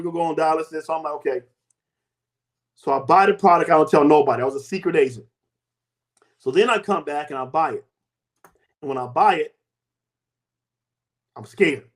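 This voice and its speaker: A man in his fifties, a host and health coach, telling a personal story with emphatic, sweeping swings in pitch and loudness.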